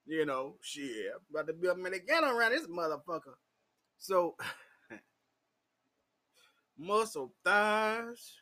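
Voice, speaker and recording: Man, unfiltered vlogger; fairly high voice that swoops wildly, unhurried delivery, salty and theatrical. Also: very animated, sharp tone. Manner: profane, laughing, theatrical. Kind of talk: raw confessional storytelling.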